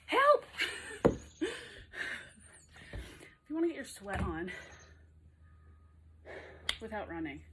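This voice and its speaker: A woman's voice: mid-range voice, big pitch swings, moderate pace, long pauses, heavy background noise. A woman in her thirties coaching a home workout while exercising along, chatty and upbeat, out of breath, cueing moves between breaths. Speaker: fitness instructor.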